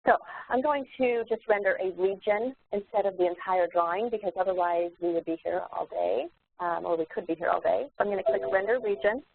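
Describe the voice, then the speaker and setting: A woman instructor demonstrating software in a live webinar, explaining steps in a relaxed way with many fillers and restarts. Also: mid-range voice, brisk, creaky, husky. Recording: tinny phone-like webinar audio.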